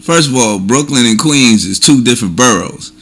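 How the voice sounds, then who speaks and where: Man, New York accent, older, bright and tense voice, emphatic slangy rant. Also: medium pitch, animated, normal speed. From New York City. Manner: emphatic, street slang, "you know what I'm saying" refrain. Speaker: vlogger. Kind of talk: casual monologue to camera.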